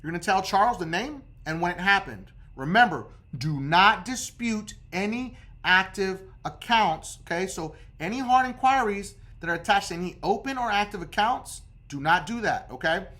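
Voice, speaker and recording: A man's voice: sits high, lively intonation, normal speed, few pauses, pushed and bright. A man explaining credit repair steps in a casual, direct how-to talk. He keeps checking in with the listener, dropping "okay?" after nearly every point.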